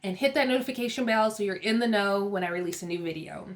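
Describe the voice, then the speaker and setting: A woman's voice: mid-range voice, quick pace. A young woman from California giving a chatty, opinionated recap of a TV episode, laughing often as she talks. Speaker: TV recap host.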